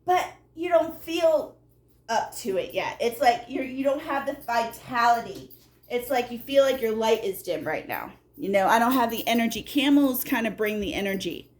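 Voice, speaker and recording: A woman with a slightly high voice gives a casual spoken tarot reading. She is emphatic and a little salty, addressing the viewer directly and checking in with them often. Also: moderate pace. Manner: animated, emphatic, repeats "okay?" to the viewer; blunt and salty, talks straight to the viewer. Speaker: tarot reader.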